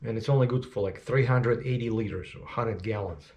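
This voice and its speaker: A man's voice: on the low side, a little fast, a little mellow. A man talking casually to the camera in a rambling vlog, full of fillers and self-corrections. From Russia. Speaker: trucker vlogger.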